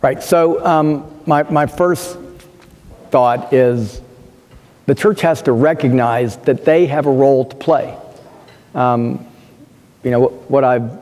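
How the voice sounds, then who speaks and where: A man's voice: mid-range voice, warm tone. A middle-aged man, a physician and pastor, telling personal stories on a panel in an earnest, emphatic way with frequent restarts. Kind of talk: panel talk, personal storytelling. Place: lecture hall. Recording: long reverb of a large hall.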